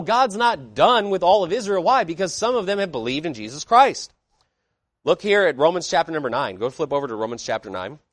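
Preaching to his flock with real emphasis, this pastor throws out rhetorical questions and alternates booming statements with hushed side remarks. The pitch sits a little high, and the recording is dry with a clean studio sound.

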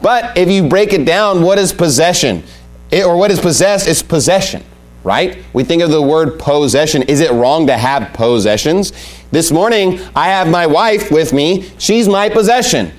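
A man's voice: fairly high pitch, animated, moderate pace. A man preaching a sermon, emphatic and repeating his key points as he reads scripture aloud. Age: adult with young family.

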